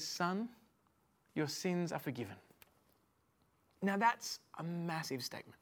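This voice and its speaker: A woman delivers a sermon to an online audience. Her manner is chatty and animated, moving between quiet, intimate stretches and loud, emphatic ones. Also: medium pitch. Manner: conversational and animated, swings from hushed to loud. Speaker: preacher.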